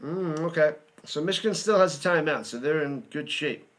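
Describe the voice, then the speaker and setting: A man's voice: on the high side, normal speed, a bit bright. A man giving live play-by-play commentary, chatty, humming and joking between plays and rising on big ones.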